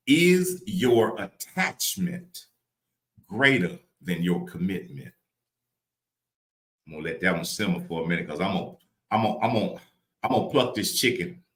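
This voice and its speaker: A man hosting a live stream, giving an inspirational porch talk full of drawn-out rhetorical questions. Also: low voice, sharp tone, roomy sound. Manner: preachy, drawn-out rhetorical questions, calls out to viewers by name.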